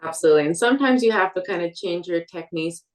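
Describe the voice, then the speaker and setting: A woman's voice: fairly low pitch, lively intonation, fast talker. A woman respiratory therapist giving practical tips in a casual group chat, often affirming others. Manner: warm affirming, frequent "yeah".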